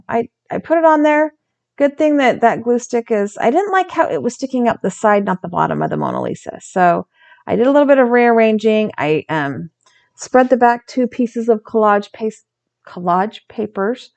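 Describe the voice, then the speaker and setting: A woman's voice: on the high side, lively intonation, moderate pace, vocal fry. A woman hosting a craft channel, narrating her art journal process in a casual, chatty way, often correcting herself and stumbling over words.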